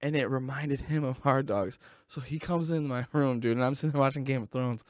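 Thirties male storyteller, mid pitch, casual and profane, dry close sound. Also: a little fast, no room sound. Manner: laid-back, swearing, says "dude" often.

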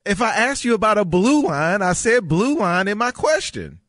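A man's voice: high voice, moderate pace, dry recording. A man, a sports radio host, bantering and defending himself in a radio studio. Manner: defensive, animated, laughs at himself.

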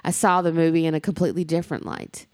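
A woman's voice: deep voice, little pitch movement, fast, a little mellow, no echo, clean studio sound. A woman co-hosting a casual chat show, talking in a blunt, emphatic way and swearing freely. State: tearful near the end.

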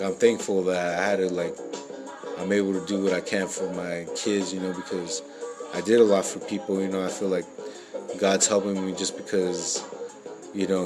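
Brief: low monotone man, rambling street-slang storyteller, music playing underneath. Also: rough recording. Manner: rambling, filler-heavy, profane street slang. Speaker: parent sharing life stories. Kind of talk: casual personal storytelling.

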